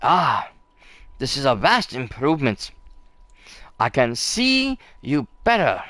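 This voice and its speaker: A man's voice: mid-range voice, huge pitch swings, slow pace, bright, forceful tone, dry recording, exaggerated voice. A man voicing a flamboyant male French candlestick servant from a game, with a shaky mock French accent and courtly, theatrical manner. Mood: gracious.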